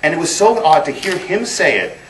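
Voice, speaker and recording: A man's voice: fairly high pitch, sing-song, fairly quick. A man in his thirties giving a motivational speech as guest speaker, telling stories with emphatic repetition. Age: 30s. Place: event hall. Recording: roomy, distant mic, faint noise.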